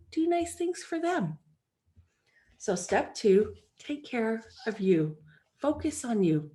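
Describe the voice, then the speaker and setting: Woman in her 40s, life-coach podcast host, encouraging and earnest, somewhat high-pitched. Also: a little mellow. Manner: earnest, encouraging, acts out inner voices. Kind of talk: solo podcast talk.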